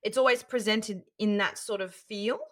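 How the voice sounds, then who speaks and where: A woman's voice: medium pitch, steady tone, normal speed, fairly bright tone. A woman hosting a podcast interview, asking her guest a follow-up question. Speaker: podcast host.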